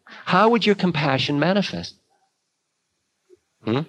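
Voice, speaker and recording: An older man giving a spiritual talk, musing slowly with long pauses. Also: fairly high pitch, very animated, fairly bright tone, rough recording. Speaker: spiritual teacher. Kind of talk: dharma talk.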